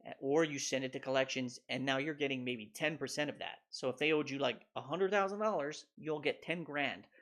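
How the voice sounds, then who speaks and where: A man's voice: mid-range voice, fairly quick, few pauses, a bit bright. A man in his thirties hosting a casual stock market livestream, rambling loosely with swearing and laughs. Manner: profane, laughing, loose and offhand.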